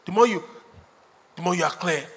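A man's voice: high voice, a little fast, a bit bright, slightly rough. A man preaching a sermon as pastor, joking, acting out quotes and laughing often. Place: church hall. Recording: reverberant hall.

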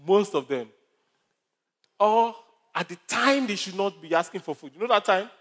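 A man's voice: sits high, animated, moderate pace, a bit bright. A male pastor preaching a sermon with numbered points, stories and humor.

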